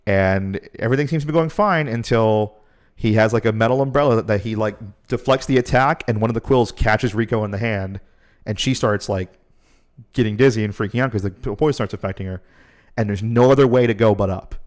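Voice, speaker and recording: A man on a podcast, casually and excitedly retelling a story and swearing freely. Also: lowish voice. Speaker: podcast host. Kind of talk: casual chat.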